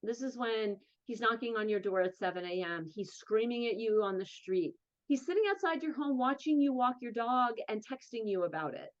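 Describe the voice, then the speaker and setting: A woman's voice: a little high, lively intonation, lo-fi sound. A woman with a New Jersey accent, an interview guest and advocate, telling her own story candidly and emphatically. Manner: earnest, emphatic, quick bursts of speech.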